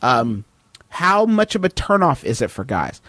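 A man's voice: medium pitch, very animated, measured pace, fairly bright tone, dry recording. A man co-hosting a comedic advice podcast, riffing playfully with mock-formal phrasing. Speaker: podcast co-host.

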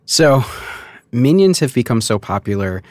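A man's voice: mid-range voice, sing-song, normal speed, a little mellow, no room sound, clean studio sound. Man co-hosting a podcast, casual. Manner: rambling, many filler likes. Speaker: podcast co-host. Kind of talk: casual chat.

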